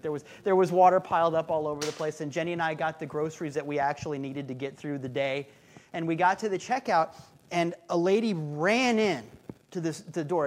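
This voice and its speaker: A man preaching a sermon as a pastor, telling stories with humor and driving points home through repetition. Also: a little high. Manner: conversational, humorous storytelling with rhythmic repetition.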